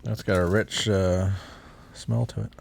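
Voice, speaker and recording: A man's voice: low-pitched, fairly even intonation, measured pace, vocal fry, slight background noise. A man co-hosting a casual podcast, playful and chipper while tasting snacks. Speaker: podcast co-host.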